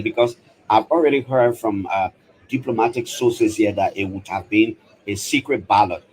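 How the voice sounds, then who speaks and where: Man reporting live in hushed tones. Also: on the low side, low-quality recording. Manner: hushed at first, later louder and animated. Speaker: radio reporter. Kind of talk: live field commentary. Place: media gallery of a large assembly hall.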